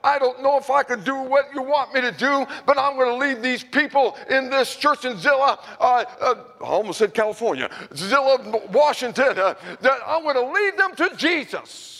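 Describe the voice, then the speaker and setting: A man preaching a sermon in a church, fervent and rambling, rising into shouted praise. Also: extremely high pitch, moderate pace, few pauses, long reverb tail. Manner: rambling with restarts and repeats. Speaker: pastor.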